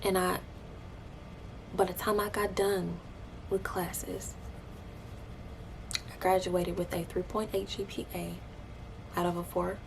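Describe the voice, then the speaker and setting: A young woman telling a personal faith testimony, emotional and animated, dropping into breathy hushed asides. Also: on the low side, slow, pauses often, noisy background. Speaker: vlogger sharing a faith testimony.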